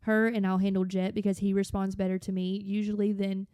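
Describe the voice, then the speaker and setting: Chatty young woman with a mellow voice. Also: mid-range voice, fairly quick, clean tone, no room sound, studio quality. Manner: chatty, animated storytelling with run-on asides. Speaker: podcast co-host. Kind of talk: casual chat.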